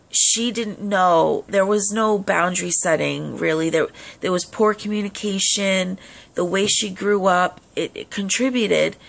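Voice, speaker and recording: A woman's voice: lowish voice, creaky, a bit bright. A young adult woman talking casually to camera as a vlogger, earnest and full of "um" fillers. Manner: frequent "um" fillers, earnest advice.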